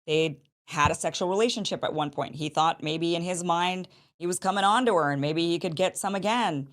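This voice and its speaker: Female host, 30s, low voice; unscripted commentary, halting and reflective, lots of restarts. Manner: thinking aloud, frequent restarts and "you know". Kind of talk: commentary on news allegations.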